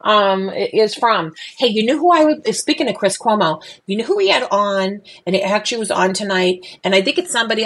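Brief: woman co-host, casual and chatty, mid-pitched, animated, stumbles and restarts often. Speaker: podcast co-host. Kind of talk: casual political chat.

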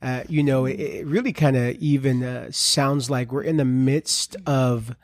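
Man, podcast host, affirming, halting, mid-pitch, dry recording. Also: steady tone, dry recording. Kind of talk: podcast conversation.

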